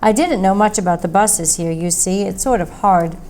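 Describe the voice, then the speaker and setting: A woman's voice: medium pitch, normal speed, a little mellow, close to an everyday voice. A woman voicing a tired male history lecturer stuck at a rural bus stop. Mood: wry. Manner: tired, half-hearted replies. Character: weary male history lecturer, traveling abroad.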